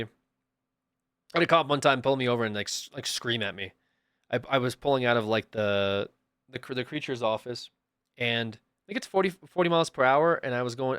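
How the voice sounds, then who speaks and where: A young man, a livestreamer, casually telling a story to his chat and acting out the people in it with sudden loud bursts. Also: mid-range voice, clear, resonant tone, dry recording, clean studio sound.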